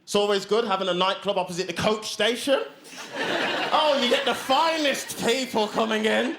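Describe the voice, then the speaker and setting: Comic hosting stand-up, chatty and self-mocking, high-pitched, recorded live in a reverberant space. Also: male voice, normal speed, creaky, heavy background noise. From Black Country, England. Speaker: comedy show host. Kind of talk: stand-up comedy.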